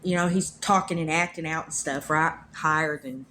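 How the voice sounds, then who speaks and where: A woman's voice: deep voice, moderate pace, pushed and bright, a little hiss or hum. A woman, earnestly telling a personal faith story in a rambling way, repeating her phrases. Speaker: vlogger sharing a faith testimony.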